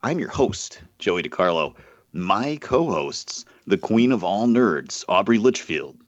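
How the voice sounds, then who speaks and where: Low-voiced upbeat podcast host man. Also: sing-song, slow, dry recording, muffled recording. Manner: upbeat, jokey host patter. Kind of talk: casual podcast chat.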